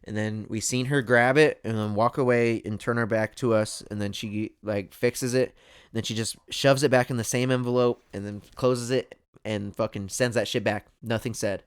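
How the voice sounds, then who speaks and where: A young man hosting a podcast, telling a story in a casual, animated way and laughing often. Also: lowish voice, moderate pace, clean tone. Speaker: podcast host. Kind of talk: casual chat.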